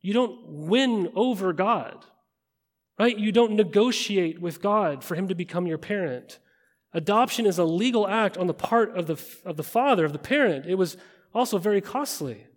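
A man preaching to a gathered room in a slightly high voice, talking as if in conversation and tossing in quick rhetorical questions. His words ring out with a long hall reverb behind them. He sounds like a pastor giving a sermon. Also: animated. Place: large room with an audience.

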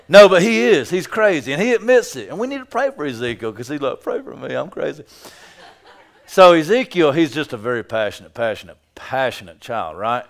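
A man preaching a sermon in a conversational, joking way, with sudden loud bursts. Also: a little high. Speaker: pastor.

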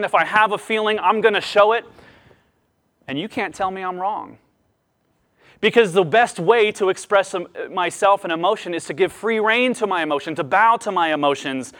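Pastor, male, high voice, expressive sermon delivery with lively swings in tone. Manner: expressive preaching, lively rises and drops.

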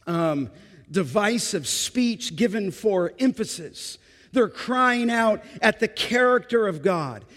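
A man's voice: sits high, in a large hall. A man pastor preaching a sermon, building emphasis through repetition.

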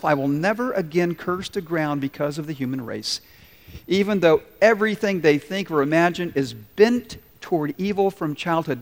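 A male pastor preaching a sermon to his congregation in an animated, playful way, acting out little asides. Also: fairly high pitch. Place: large church hall. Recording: reverberant church hall. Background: congregation responding.

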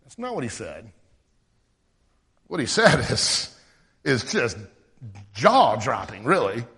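A male pastor preaching a sermon in an animated way, acting out the voices of the people he quotes. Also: mid-range voice, slow pace, big-room sound.

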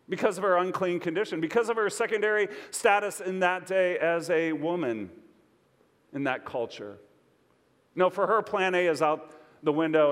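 A man preaching a sermon as pastor, expressive and conversational, asking his listeners questions. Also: high-pitched, big-room sound.

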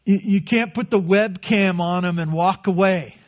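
Pastor guy preaching, earnest and chatty, repeats himself for emphasis, slightly higher voice, muffled lo-fi sound. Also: normal speed. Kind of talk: sermon. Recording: dull lo-fi recording.

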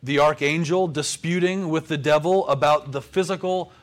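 A man preaching a measured sermon. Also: on the high side, fairly even intonation. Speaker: pastor.

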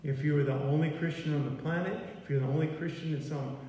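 A man's voice: fairly high pitch, fairly even intonation, quick pace, warm tone. A man preaching a sermon in a folksy, conversational way, with "okay" and "y'all" sprinkled in. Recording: far from mic in an echoey hall.

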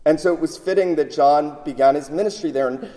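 A man's voice: a little high, brisk, warm tone. A man preaching a sermon, emphatic, often repeating words as he builds his points. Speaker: pastor. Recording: long hall reverb.

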